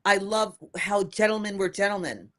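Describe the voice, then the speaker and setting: An older woman being interviewed as a guest, talking in a lively, emphatic way and repeating phrases for emphasis. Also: mid-range voice, normal speed. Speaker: inventor and guest. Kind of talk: casual interview.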